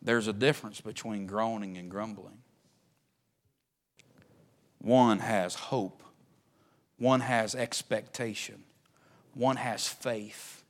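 A man preaching a sermon as pastor, swinging between loud emphatic lines and hushed ones. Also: fairly low pitch, steady tone, takes it slowly, pauses often.

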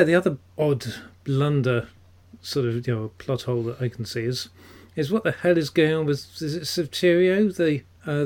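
Man, mid pitch, wry, casual podcast chat. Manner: frequent murmured agreement, wry. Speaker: podcast panelist.

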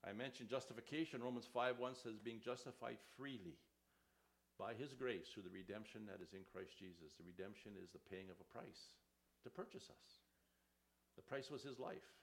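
A man's voice: fairly low pitch, normal speed, vocal fry. A man preaching a sermon as pastor, reading scripture aloud with rising emphasis.

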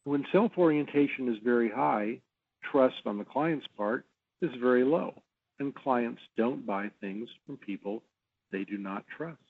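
Gravelly man on a tinny line. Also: mid-range voice, no echo. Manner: measured, explanatory, laughs easily. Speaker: podcast guest, sales trainer. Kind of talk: podcast interview.

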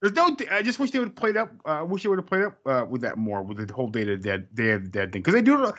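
A man's voice: medium pitch, very animated, racing, a bit bright, dull audio. A man in casual movie review chat, rambling and profane, often restarting his sentences.

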